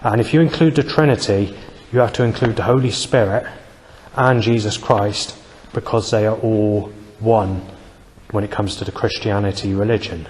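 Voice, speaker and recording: Man, rambling aggrieved vlog monologue, lowish voice, reverberant sound. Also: fairly even intonation, a little mellow. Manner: rambling, aggrieved, halting with fillers. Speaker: vlogger.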